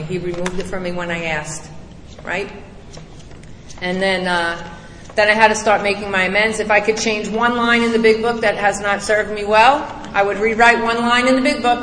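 A woman's voice: mid-range voice, a bit bright, slight background noise. A middle-aged woman giving a candid, emphatic recovery testimony to a crowd, recorded in a large hall. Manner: candid, emphatic, blunt storytelling. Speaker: recovery speaker. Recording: echoey hall, distant mic.

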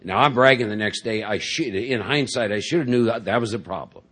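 A man's voice: on the low side, fairly quick, fairly bright tone, breathy edge. A middle-aged man speaking to a large audience at a recovery meeting, telling his story in a rambling way full of "you know" and "see?". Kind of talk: personal recovery talk to a group.

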